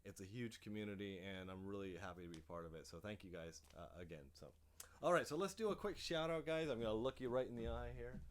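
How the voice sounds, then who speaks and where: Speaking fast with lively intonation and a rather low voice, a man rambles through a casual live stream about his drone hobby. He's in his home office at a desk microphone, full of fillers and restarts as he hosts his channel.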